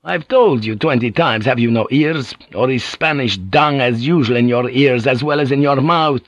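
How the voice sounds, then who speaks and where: A man's voice: mid-range voice, normal speed, no room sound, highs cut off, lightly acted. A man reading an audiobook, voicing a bitter, fearful middle-aged ship pilot who broods and argues. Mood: arguing.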